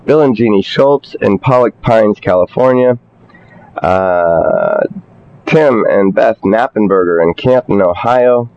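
A low-voiced man on a radio show reads a long list of donor names at an easy pace. He stops often on "uh" and corrects himself. The audio is a little dull and lo-fi. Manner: unhurried, with fillers and self-corrections. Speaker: co-host reading pledge drive donor names. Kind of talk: casual radio broadcast, reading a list. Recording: slightly dull lo-fi broadcast audio.

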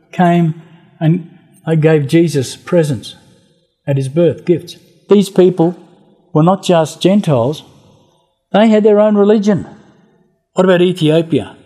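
Male preacher, slightly higher voice, mellow tone, animated sermon storytelling. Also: breathy edge.

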